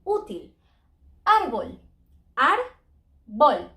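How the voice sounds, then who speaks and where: A woman whose first language is Spanish, teaching a Spanish lesson in English and slowly drawing out each example word. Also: high-pitched, big pitch swings, fairly bright tone. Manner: slow, drawn-out modeling of words, non-native English grammar. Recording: echoey room.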